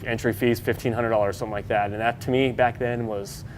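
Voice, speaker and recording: An off-road racer tells his story during an interview, talking quickly in a steady, mid-range voice. He's loose and chatty, with plenty of fillers, and acts out quoted dialogue. There's a little hiss or hum on the recording.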